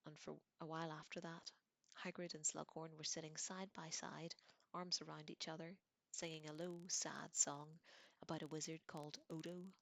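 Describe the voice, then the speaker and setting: A woman reading a novel aloud in a soft, hushed whisper, as whispered role-play. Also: sits low, level tone, moderate pace, creaky, no echo. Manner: gentle, hushed storytelling. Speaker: audiobook reader.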